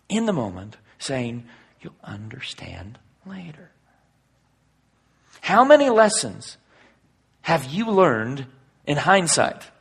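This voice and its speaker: A man preaching a sermon and reading scripture aloud. He swings between loud, forceful emphasis and hushed, near-whispered passages. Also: a little high, slightly rough. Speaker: pastor.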